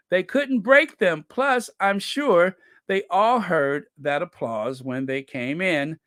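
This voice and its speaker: A man hosting a casual livestream, reading viewer comments aloud slowly and chuckling between them. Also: mid-range voice, a bit bright, no echo, studio quality. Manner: slow and chatty, reads comments aloud with frequent "let me see" and chuckles. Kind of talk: casual live-chat commentary.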